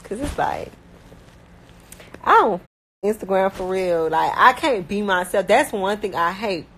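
A young woman from Miami with a Miami accent, chatting casually and bluntly, talking fast with lots of slang and filler words. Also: medium pitch, lively intonation, a bit bright, breathy edge, rough recording. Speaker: rapper talking about her life. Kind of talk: casual chat.

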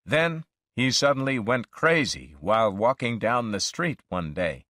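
Slow, deliberate male story reader. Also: medium pitch, sing-song, bright, forceful tone, no room sound, clean studio sound. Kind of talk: slow storybook narration for learners.

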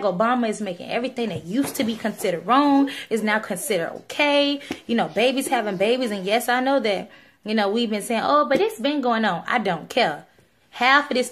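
A young woman speaking, giving an earnest, pleading personal testimony on video with many fillers. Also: medium pitch. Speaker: vlogger sharing a religious testimony.

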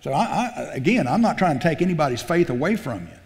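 A pastor preaching a sermon, telling the story in a folksy, animated way, acting out the quotes and often restarting his sentences. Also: a little high, quick pace. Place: church sanctuary. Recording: long hall reverb.

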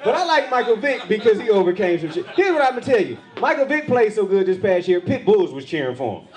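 A man's voice: high voice, fast talker, few pauses, background noise. A man doing stand-up on a comedy club stage, acting out quoted voices. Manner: animated, acts out quoted voices. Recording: live club with loud crowd laughter. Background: crowd laughing.

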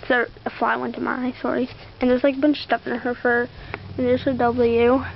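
A woman's voice: on the high side, flat delivery, brisk, vocal fry, highs cut off, a little hiss or hum. A young woman chatting casually outdoors, rambling as she shows off a collection. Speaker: vlogger showing a toy collection. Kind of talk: casual show-and-tell.

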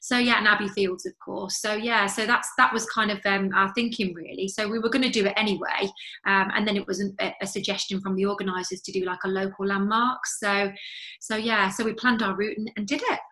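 A woman's voice: mid-range voice, fairly even intonation, fairly quick, sharp tone, rough recording. A woman, in her thirties, earnestly telling her story as an interview guest, with many fillers and restarts. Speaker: interview guest, charity fundraiser. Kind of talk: conversational interview.

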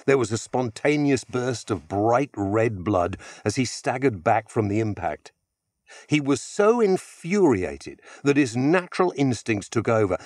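A man reads an audiobook in a measured storytelling voice. His pitch moves in a lively, animated way, and the studio sound is close and dry with no room in it. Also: no room sound. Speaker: audiobook narrator. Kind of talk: scripted audiobook narration.

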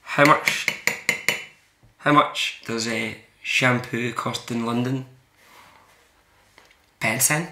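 A man's voice: mid-range voice, steady tone, takes it slowly, gravelly, pauses often, pushed and bright. A man chatting casually as he makes tea, rambling in a playful, mock-serious way. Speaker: host making tea on camera. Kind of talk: casual chat. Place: kitchen. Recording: echoey kitchen with clattering dishes.

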